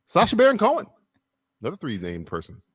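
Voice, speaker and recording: A man's voice: on the high side, huge pitch swings, quick pace, a bit bright, breathy edge, no echo, studio quality. Rowdy joking man hosting a stream. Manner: rowdy, joking, swears freely, stammers and restarts. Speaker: podcast host running a quiz game. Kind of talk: casual profane livestream banter.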